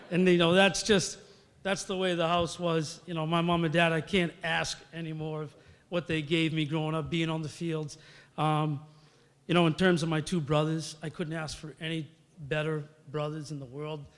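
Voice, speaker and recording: A man's voice: fairly high pitch, little pitch movement, normal speed, big-room sound. A middle-aged man gives an acceptance speech. He tells stories conversationally, with fillers, and acts out the quotes. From Massachusetts. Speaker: hall of fame inductee.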